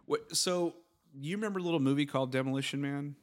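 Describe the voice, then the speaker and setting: A young man co-hosting a podcast, chatting casually and excitedly, often laughing and acting out movie lines. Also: on the high side, fast, a crowd in the background. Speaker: podcast co-host. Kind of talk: casual chat.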